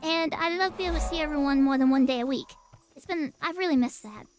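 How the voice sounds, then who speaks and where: Woman streamer, playful chat, tired but upbeat, high voice, voice changer, faint game music. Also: fast talker. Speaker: VTuber streamer. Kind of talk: casual gaming livestream chat.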